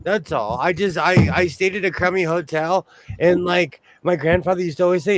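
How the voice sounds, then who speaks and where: A man from Los Angeles, hosting a casual chat and telling animated stories with quick asides. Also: high-pitched. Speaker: host.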